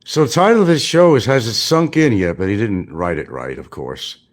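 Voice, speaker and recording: This stream host's lowish voice is expressive and moves at a normal speed. Indoors, he sarcastically taunts the subject of his casual commentary, repeatedly calling him "son."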